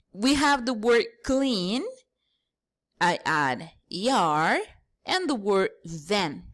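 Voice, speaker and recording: A woman English teacher giving a grammar lesson, explaining patiently step by step and spelling out letters. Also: medium pitch.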